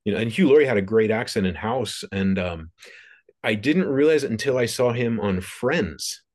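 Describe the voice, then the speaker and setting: A man's voice: on the low side, expressive, normal speed. A man hosting an interview, chatty and loose, laughing easily as he tells stories. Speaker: podcast host. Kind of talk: casual interview conversation.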